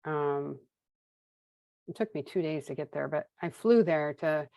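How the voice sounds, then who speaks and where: A woman's voice: deep voice, measured pace, gravelly, mellow, no room sound, rough recording. A woman in her fifties from Minnesota, candidly telling her recovery story as a guest, with wry humor and acted-out dialogue. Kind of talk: casual personal storytelling.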